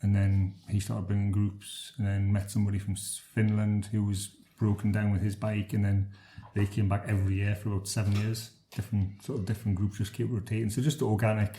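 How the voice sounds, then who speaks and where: Hesitant low-voiced male guest. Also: level tone, brisk, few pauses, dark tone, a little hiss or hum. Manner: hesitant, full of ums and restarts. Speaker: interview guest, tour company founder. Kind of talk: casual interview answers. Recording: roomy echo.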